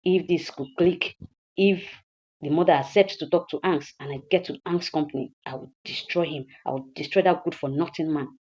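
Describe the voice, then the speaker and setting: A desperate husband begs his family for help while secretly plotting revenge, put on lightly by a Nigerian woman retelling a film. The voice stays low and mellow and keeps circling the same pleas. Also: moderate pace, slightly rough, highs cut off. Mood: scheming. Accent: Nigerian English. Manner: repeats his lines, pleading. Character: troubled scheming husband pleading and plotting.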